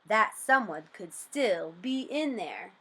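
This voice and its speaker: A woman reading the part of a big gruff father bear in a storybook, grumbling and growling. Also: medium pitch, expressive, slow, bright, forceful tone, heavily acted.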